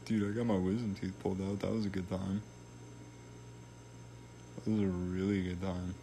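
A young man with a deep, low-pitched voice tells stories in loose, slangy chat and swears freely. His delivery is relaxed and unhurried, and a faint hiss sits under the recording. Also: vocal fry. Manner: laid-back, slangy, swears a lot. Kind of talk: casual storytelling chat.

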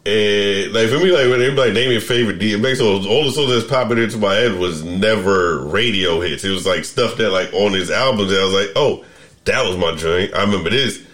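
A man with a very low, deep voice hosts a casual podcast conversation. He rambles and keeps cutting himself off mid-sentence. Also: a little fast, fairly bright tone. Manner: rambling, self-interrupting, restarts sentences. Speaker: podcast host. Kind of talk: casual chat.

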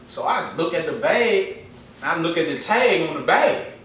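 A man telling a personal story in casual chat, animated and full of slang and repetition. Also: a little high, unhurried, slight background noise. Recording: echoey room, far from mic.

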